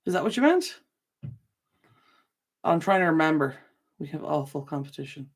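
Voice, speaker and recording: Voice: medium pitch, very animated, normal speed, pauses often. A young adult channel host chatting casually on a livestream, reading out viewer comments, rambling with frequent laughs and self-corrections.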